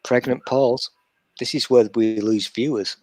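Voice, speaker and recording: A man's voice: medium pitch, steady tone, a little slow, a little mellow, no room sound. A man from Wales hosting a casual online chat stream, crude and teasing. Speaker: podcast host. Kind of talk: casual banter.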